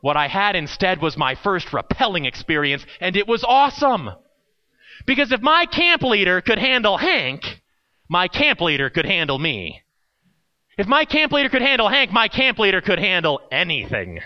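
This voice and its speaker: Lively high-voiced preacher, dull sound. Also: male voice. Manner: storytelling with acted quotes and dramatic pauses. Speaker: pastor. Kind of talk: sermon.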